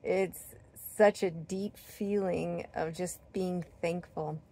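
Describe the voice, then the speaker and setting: A woman vlogger sharing a heartfelt spiritual talk, earnest and gentle, with many fillers and restarts. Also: on the low side, steady tone, slow. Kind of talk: heartfelt personal talk to camera.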